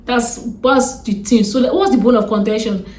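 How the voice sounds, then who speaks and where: Exasperated woman vlogger, high voice. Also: moderate pace, darkish tone. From Nigeria. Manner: exasperated, rhetorical, repeats for emphasis. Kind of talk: casual talk to camera. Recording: echoey room.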